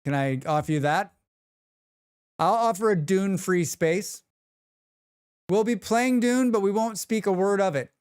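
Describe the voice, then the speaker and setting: A man's voice: high-pitched, unhurried, pauses often, darkish tone, clear, resonant tone, dry recording, clean studio sound. A man streaming live, chatting casually and joking with his chat. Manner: rambling, joking, reacts to chat.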